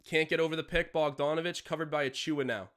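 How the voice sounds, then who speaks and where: A man's voice: a little high, fairly even intonation, fast, fairly bright tone. A young Canadian man hosting a live watch-along stream, mixing casual play-by-play with rambling chatty tangents.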